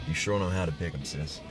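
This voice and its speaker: A mocking sibling needles his sister with sarcasm. His voice is very deep, and a film score plays clearly underneath. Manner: sarcastic, teasing. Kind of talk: horror film acting. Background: music score.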